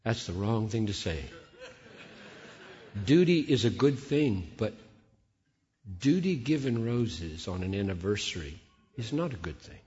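A man in his sixties preaching a sermon, telling a story animatedly, acting out dialogue and repeating words when excited. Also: on the low side, a little slow, long pauses. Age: 60s. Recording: dull sound with long hall reverb.

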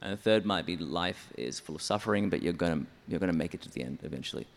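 Deep gravelly man explaining songwriting. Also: animated, quick pace, in a large hall. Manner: methodical, explanatory, counts syllables aloud. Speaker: church songwriter. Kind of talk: explaining in an interview.

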